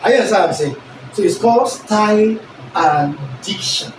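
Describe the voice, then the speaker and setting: A male teacher, giving an animated lesson and constantly checking that the class understands. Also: sits high, moderate pace, a little hiss or hum. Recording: echoey room recorded from a distance.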